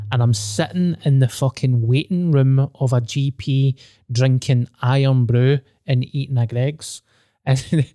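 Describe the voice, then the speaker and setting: A man's voice: medium pitch, mellow, no room sound, studio quality. A Scottish man hosting a podcast, chatting casually, blunt and sweary with a joking manner. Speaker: podcast host. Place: venue with a dry sound.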